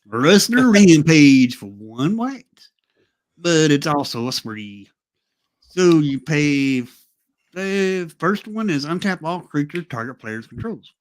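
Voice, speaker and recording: A man's voice: a little high, takes it slowly. A man with a Southern US accent reading aloud as a co-host in a casual podcast chat. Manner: reads aloud with a lively voice.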